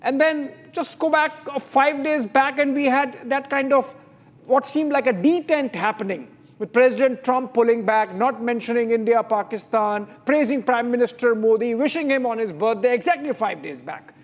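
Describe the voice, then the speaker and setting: A man's voice: very high-pitched, normal speed. A man anchoring a live TV news debate, asking long, winding questions full of fillers.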